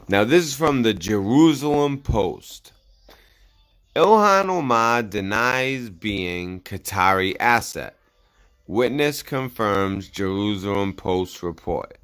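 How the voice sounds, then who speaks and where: A man's voice: on the low side, fairly bright tone. A man hosting a commentary channel, reading news articles aloud and breaking in with sarcastic asides, sometimes stumbling over words. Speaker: political commentary channel host.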